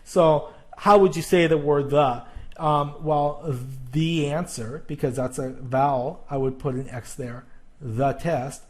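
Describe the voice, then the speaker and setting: A man walks through a pronunciation lesson at an unhurried pace. He explains patiently, with fillers and examples said over again. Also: fairly high pitch, steady tone, a little mellow. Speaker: teacher.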